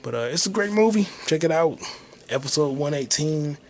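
A man's voice: fairly high pitch, expressive, normal speed. A man hosting his own podcast solo, rambling casually and profanely while muttering to himself as he searches online. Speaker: podcast host.

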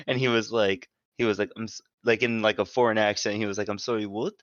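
A man's voice: on the low side, fairly even intonation, a little fast, fairly bright tone, no room sound, highs cut off. A man co-hosting a casual podcast, telling stories in a rambling, profane way full of fillers and restarts. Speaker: podcast co-host. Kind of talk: casual chat, storytelling.

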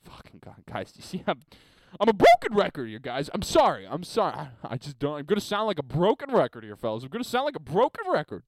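A man's voice: fairly high pitch, wildly swooping pitch, fast talker, no echo, studio quality. A man hosting a solo podcast from a basement, reading listener emails in a crude, sarcastic, rambling rant. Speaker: podcast host.

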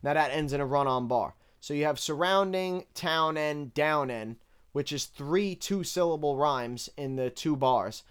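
A man casually breaking down rap lyrics bar by bar, candid and relaxed as he counts the rhymes. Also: on the high side, measured pace, clear, resonant tone. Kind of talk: casual analytical commentary.

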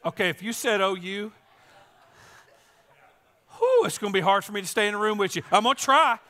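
A man preaching an Easter sermon to his congregation as pastor, his voice strained and squeaky today, joking and teasing the crowd as he talks. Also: fairly quick, a bit bright. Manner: joking, playful, teasing the audience. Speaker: teaching and campus pastor. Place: church service.

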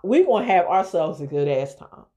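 A young woman telling a personal story on her podcast in a candid, profane, lively way. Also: lowish voice, moderate pace. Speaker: podcast host. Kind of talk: casual storytelling to listeners.

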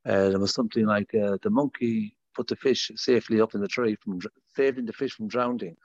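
A man's voice: lowish voice, fairly even intonation, a little fast, no room sound. A man hosting a podcast, talking in a loose, rambling way. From Ireland. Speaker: podcast host. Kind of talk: casual podcast interview. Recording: dull, lo-fi, dry sound.

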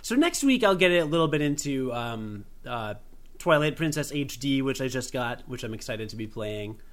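A man's voice: medium pitch, very animated, moderate pace, fairly bright tone. A young American man co-hosting a casual podcast, rambling with self-deprecating asides and many restarts. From United States. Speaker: podcast co-host. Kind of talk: casual chat.

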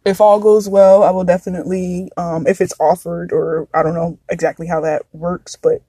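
A woman's voice: lowish voice, little pitch movement, moderate pace, dark tone, breathy edge, dry recording. A woman in her thirties hosting a podcast, talking frankly and confessionally in a casual chat that drifts into tangents. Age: 30s. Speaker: podcast host.

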